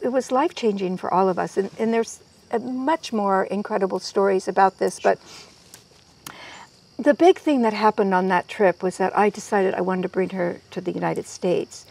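A woman guest in an interview, telling stories in a lively way and quoting people as she goes. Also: mid-range voice, moderate pace, gravelly. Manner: lively storyteller, quoting others in their voices. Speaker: guest herbalist. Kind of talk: storytelling in an interview.

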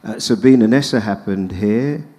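A man's voice: fairly low pitch, moderate pace, warm tone. A man hosting a live interview at an event, jokey and chatty with lots of restarts. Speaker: host. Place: indoor event venue with audience. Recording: reverberant event hall.

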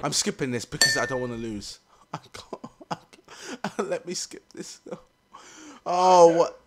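A young man doing excitable gaming commentary, shouting, swearing and laughing in frustration as he plays. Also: a little high, a little slow, background noise. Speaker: gaming video host. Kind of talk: let's-play commentary.

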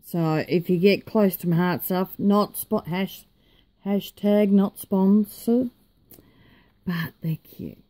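A woman's voice: medium pitch, slow pace, warm tone. A tired woman vlogger in casual, rambling chat, joking at her own expense and yawning now and then. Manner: chatty, rambling, self-mocking.

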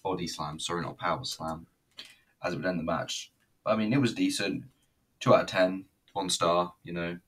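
A man's voice: deep voice, fairly even intonation, moderate pace, fairly bright tone, slightly rough. A man giving a casual, rambling, profane and self-mocking review of a wrestling show. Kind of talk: casual solo review commentary.

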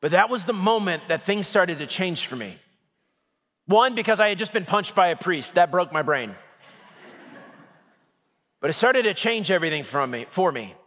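A man in his thirties, a Catholic priest, preaching a sermon with lively, humorous storytelling. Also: high voice, normal speed, pauses often. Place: church. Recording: echoey church hall.

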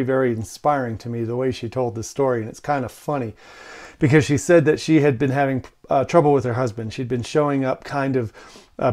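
Male relationship coach telling a story. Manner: animated storyteller, quoting with raised pitch. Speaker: host of a men's relationship channel. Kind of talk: casual talking-head video. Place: his workshop.

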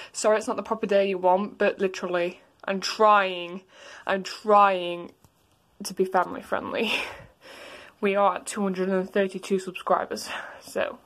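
A woman talks casually as a video creator, giggling and apologizing while she introduces a dare acted out with plush toys. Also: mid-range voice.

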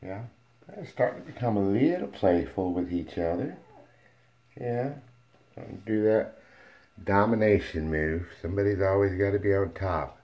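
Dog breeder, man, low voice, casual home camera talk, playful cooing to the litter. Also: normal speed, a little mellow, a little hiss or hum. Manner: coos playfully at puppies, sometimes whispering. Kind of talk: casual home video talking to puppies. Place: indoor room at home.

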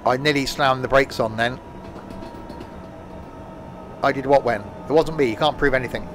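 A man's voice: medium pitch, moderate pace, noisy background. A man casually chatting while live-streaming a train game, rambling and joking to himself and his chat at a home desk mic.

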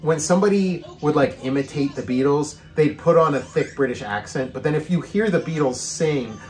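A man's voice: fairly high pitch, normal speed, faint music behind. A middle-aged man hosting a podcast in casual chat, rambling with frequent restarts. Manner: rambling, restarts, many fillers. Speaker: podcast host.

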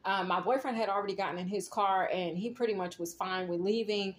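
A woman's voice: medium pitch, fairly quick, a little hiss or hum. Woman, casual tarot vlogger, rambling storyteller with a mid-range voice. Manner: rambling, checks in often with "okay?" and "right?". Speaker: tarot reader.

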